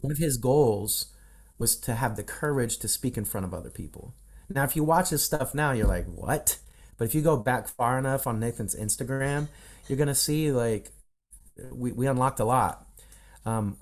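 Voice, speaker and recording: Animated man telling a story on a video call. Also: mid-range voice, normal speed. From Midwestern United States. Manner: animated storyteller who acts out quoted dialogue. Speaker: podcast guest, voice coach. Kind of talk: casual storytelling in an interview.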